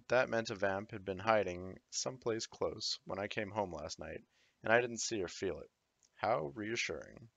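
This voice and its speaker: A man's voice: on the low side, creaky, a bit bright, dry recording. A man reading a fantasy novel aloud in the first person, giving the dialogue its own voices. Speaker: audiobook reader. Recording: dull lo-fi dry recording.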